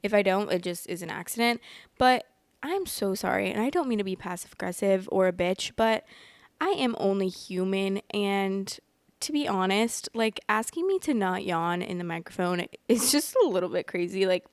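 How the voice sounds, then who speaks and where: A woman chats casually on a story podcast, speaking close to the microphone in a dry, deadened space. Her voice has a crisp clarity and a slight vocal fry. She rambles and apologizes, fills her talk with "like", and sometimes yawns mid-sentence. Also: mid-range voice, expressive, moderate pace, dry recording. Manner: rambling and apologetic, many fillers like "like"; often yawns while talking. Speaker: podcast host reading online stories. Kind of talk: casual chat and story reading.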